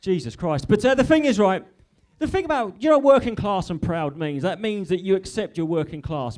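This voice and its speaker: A man's voice: fairly high pitch, a little mellow. An English man from Norfolk doing a live stand-up comedy set in an industrial unit, chatty and teasing with the crowd. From Norfolk, England. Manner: chatty, teasing crowd work with quick asides.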